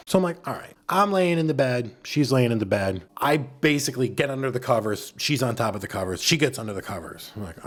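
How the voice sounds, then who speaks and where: A man co-hosting a podcast, telling a crude story in a casual, animated way, acting out the quotes. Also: mid-range voice, brisk, few pauses. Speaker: podcast co-host.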